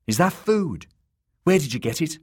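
Here is a wary, blunt ten-year-old girl keeping an inn, as a male reader puts her on. Her voice sits high and jumps around with plenty of movement. A husky grain runs underneath it. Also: very animated, normal speed, a little mellow. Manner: blunt, suspicious. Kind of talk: audiobook character voice.

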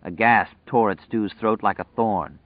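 A man reading a story aloud in a measured, dramatic way, heard through a tinny, dry recording. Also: on the low side, dry recording. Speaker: narrator. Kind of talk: audiobook narration. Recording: tinny, phone-like dry sound.

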